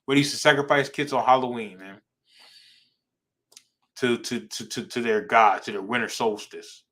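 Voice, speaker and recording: A man's voice: medium pitch, normal speed, a bit bright, rough recording. A man teaching an informal Bible class in a casual, slangy way, often repeating himself and asking "right?" for agreement. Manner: repetitive, emphatic, slangy, asks "right?" often.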